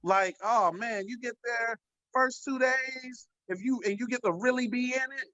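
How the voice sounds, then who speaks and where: A man with a high voice from the American South riffs in casual comedic banter, laughing and climbing into shouts as he argues. The sound is dry and a little dull. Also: a little slow, no echo. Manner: animated, laughing, rising to shouts when making a point. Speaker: comedian panelist.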